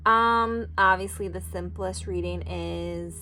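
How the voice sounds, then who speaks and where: A woman's voice: on the low side, fairly even intonation, takes it slowly, sharp tone, a little hiss or hum. A woman vlogging an oracle card reading, chatty and rambling as she thinks aloud. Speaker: tarot and oracle card reader. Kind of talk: casual card-reading vlog.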